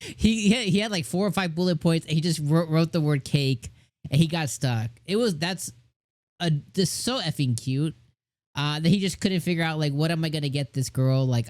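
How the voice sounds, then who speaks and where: A man's voice: on the high side, moderate pace, darkish tone, no room sound. Gushing middle-aged man reviewing anime. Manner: gushing, rambling with many fillers. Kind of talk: casual review commentary.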